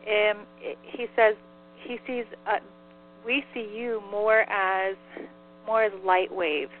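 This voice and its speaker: A woman's voice: medium pitch, steady tone, slow. A woman relaying a spirit's messages in casual call-in talk, giggling often and peppering her speech with "like.". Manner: giggly, chatty, many "like" fillers. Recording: phone line with faint mains hum.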